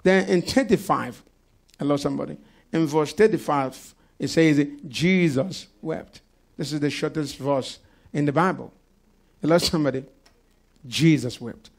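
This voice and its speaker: Male pastor, gravelly, slightly high voice, preaching with congregation call-outs. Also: darkish tone. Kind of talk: sermon. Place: church service.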